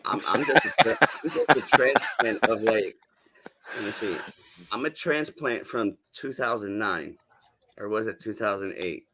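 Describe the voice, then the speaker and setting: A man's voice: lowish voice, measured pace, sharp tone. A man from New England with a Southern-tinged accent, chatting casually on a live stream panel, rambling and swearing with easy laughs. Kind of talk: casual chat.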